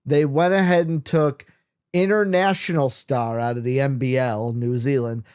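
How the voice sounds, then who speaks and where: A man's voice: mid-range voice, fairly even intonation, normal speed, darkish tone, clear, resonant tone. A man hosting a casual sports chat, loose and joking, who drops the odd swear. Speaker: host.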